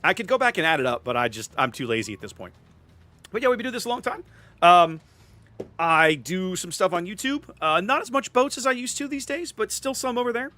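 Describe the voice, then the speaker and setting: Lively bright-voiced man streaming a game. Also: high voice, fairly quick. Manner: chatty, repeats words while thinking. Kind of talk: casual live-stream commentary.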